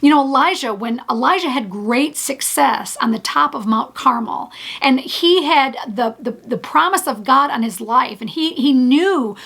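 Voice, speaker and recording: A woman with a high voice speaks in an earnest, encouraging way in a heartfelt devotional talk. She often halts and restarts mid-phrase as she presses her point. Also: lively intonation, unhurried, vocal fry, few pauses, a bit bright. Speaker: ministry leader.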